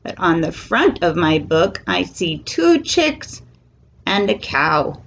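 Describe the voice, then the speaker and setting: A woman reads a picture book aloud to toddlers, taking it very slowly. Her voice swoops up and down in a sing-song way, with a little gravelly fry at the ends of phrases. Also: fairly low pitch, slight background noise. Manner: slow, sing-song and animated for small children. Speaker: children's storyteller.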